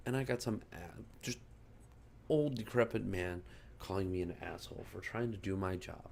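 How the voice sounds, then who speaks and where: A man's voice: low-pitched, moderate pace, gravelly, darkish tone. A man telling a heated, profane story about a rude customer in a casual vlog, still angry about it. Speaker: gaming channel host.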